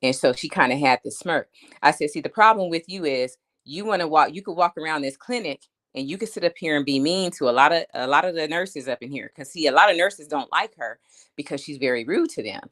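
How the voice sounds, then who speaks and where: A woman's voice: low voice, expressive, a little fast, a bit bright. A woman on a live stream telling a story in a blunt, emphatic and chatty way, often asking "you know what I'm saying". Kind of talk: casual storytelling rant.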